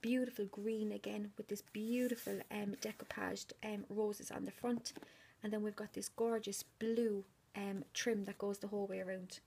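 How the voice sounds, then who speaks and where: A woman, gushing over handmade gifts in a casual unboxing vlog and often dropping into a hushed whisper. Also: mid-range voice, little pitch movement, normal speed, creaky, slight background noise. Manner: repeats delighted exclamations. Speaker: crafter unboxing a swap gift.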